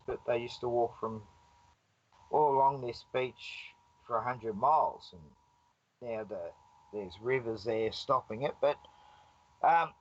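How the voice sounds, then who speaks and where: A man's voice: on the high side, highs cut off. A man with an Australian accent, a guest telling a rambling, laughing story over a video call. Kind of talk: casual storytelling on a live stream call.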